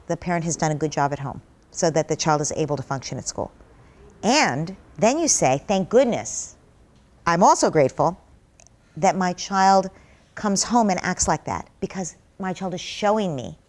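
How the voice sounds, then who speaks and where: A woman answering interview questions as a parenting expert, calm and reassuring, repeating key points for emphasis. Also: low voice.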